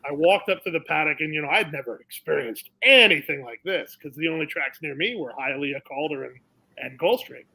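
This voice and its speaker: A man's voice: fairly high pitch, fairly quick, vocal fry, breathy edge, low-quality recording. A young man from South Florida, a racetrack announcer, telling stories in a casual interview and acting out the people in them. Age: young adult. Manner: animated storyteller, acts out the people in his stories.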